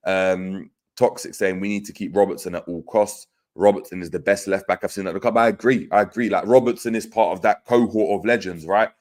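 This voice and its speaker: Brief: man, low voice, casual stream host reading viewer comments, loose and chatty with restarts. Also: steady tone, a little fast, hardly any pauses, a little mellow. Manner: conversational, many fillers and restarts, reads out comments. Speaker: football podcast host.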